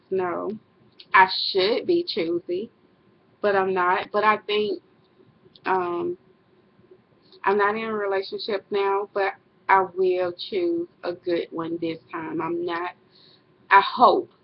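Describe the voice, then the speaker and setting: A middle-aged woman, talking casually to camera in a personal vlog, rambling and correcting herself. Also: lowish voice. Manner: rambling, self-correcting, laughs often. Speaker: vlogger. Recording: dull lo-fi webcam audio.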